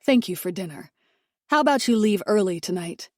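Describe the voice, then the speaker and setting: A woman's voice: mid-range voice, lively intonation, moderate pace, a little mellow, no echo, lightly acted. Woman reading as a stern rich husband, tense and commanding, dry voice. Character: stern husband, a wealthy man caught between wife and mother.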